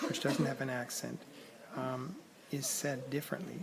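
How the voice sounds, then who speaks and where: Guy vlogging in a crowded public spot, gravelly voice that cracks, lots of ums and throat clearing, crowd chatter behind. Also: medium pitch, level tone, unhurried, poor audio. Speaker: vlogger learning a language abroad. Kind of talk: casual video diary. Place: busy public place at a concert hall.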